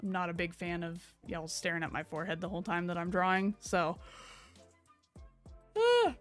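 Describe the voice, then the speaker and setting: A woman's voice: lowish voice, level tone, fast, fairly bright tone, faint music behind. A young woman streamer chatting casually from home at her computer, rambling and swearing a little as she wraps up. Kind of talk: casual stream sign-off chat.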